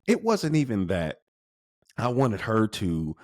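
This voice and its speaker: A deep-voiced man tells a personal story on his podcast, close to the mic in a dry space. He is animated and often restarts his sentences. His voice lifts high when he gets excited. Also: slow pace, no echo. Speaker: podcast host.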